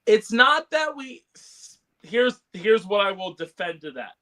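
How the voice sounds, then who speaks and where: A man's voice: high voice, very animated, unhurried, pushed and bright. A man co-hosting a casual podcast chat, rambling with lots of fillers and laughs. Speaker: podcast co-host.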